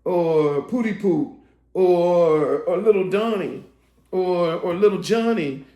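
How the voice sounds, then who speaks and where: A man preaching a sermon to online viewers, his voice going hoarse, building to emphatic, shouted preaching. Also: high voice, slow pace, echoey room. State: voice getting hoarse.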